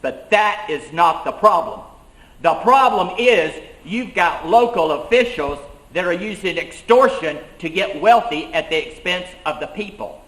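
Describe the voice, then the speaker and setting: Speaking slightly slowly in a high, expressive, fairly bright voice, a man reenacts the life of an 18th-century colonial schoolmaster turned rebel leader. He tells the story in first person with earnest emphasis, as a living-history reenactor. The room gives off a noticeable echo.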